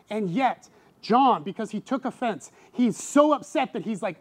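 A middle-aged man preaching a sermon in a lively way, acting out voices with sudden loud outbursts. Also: normal speed. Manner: animated, acts out quoted voices with big pitch jumps. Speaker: pastor.

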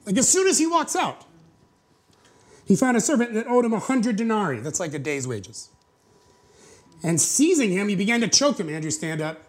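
A man's voice: high voice, very animated, moderate pace, long pauses. A man preaching a sermon to a congregation, retelling a parable in a conversational, joking way. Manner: conversational, jokey, acts out quotes. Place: church before a live congregation.

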